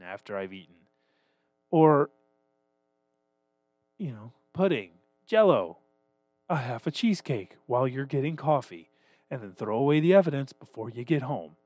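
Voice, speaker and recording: Animated, self-mocking man. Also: fairly high pitch, dry recording. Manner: self-deprecating, swearing, animated. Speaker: podcast co-host. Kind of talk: casual chat.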